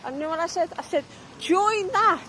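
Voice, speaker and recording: Young woman ranting into her vlog, high voice, swears a lot, loud traffic noise behind. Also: steady tone, racing, poor audio. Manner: agitated, swearing, retelling an argument. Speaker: tour guide vlogger.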